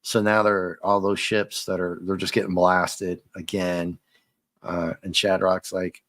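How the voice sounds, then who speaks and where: A man's voice: deep voice, level tone, unhurried, a bit bright, no echo. A man giving a casual, rambling comic book review as he reads along, chuckling often.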